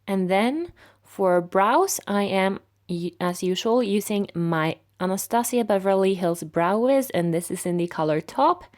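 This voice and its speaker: A woman with a raspy voice narrating a makeup tutorial in a relaxed, step-by-step way. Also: medium pitch, measured pace. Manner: relaxed, step-by-step explaining with fillers.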